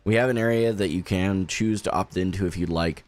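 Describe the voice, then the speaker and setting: A young man live-streaming with a headset, chatting casually and making an earnest, encouraging pitch to his community. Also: brisk, darkish tone. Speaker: gaming streamer.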